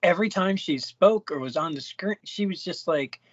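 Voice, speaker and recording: A man co-hosting a movie podcast, talking casually and haltingly, often repeating words. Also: sits high, animated, no echo. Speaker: podcast co-host. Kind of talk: casual movie review chat. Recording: dull lo-fi dry sound.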